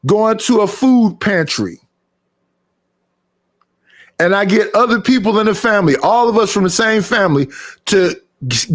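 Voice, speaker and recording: A middle-aged man hosting a livestream in a casual chat, telling animated stories. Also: high-pitched. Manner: animated storytelling with acted quotes. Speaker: livestream host.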